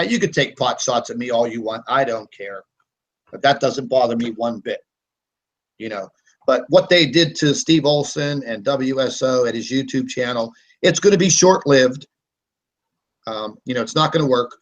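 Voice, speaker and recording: A man hosting a live online broadcast, speaking at an everyday middle pitch. He rants defiantly and combatively, with plenty of "uh" and "you know" between his points. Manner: defiant, combative rant with frequent fillers. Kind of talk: live online hangout talk.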